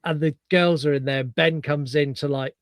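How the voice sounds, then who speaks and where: A man's voice: fairly high pitch, steady tone, normal speed, no room sound. A middle-aged British man, co-hosting a podcast, chatting casually and retelling film scenes with animation. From Britain. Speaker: podcast co-host. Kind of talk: casual chat.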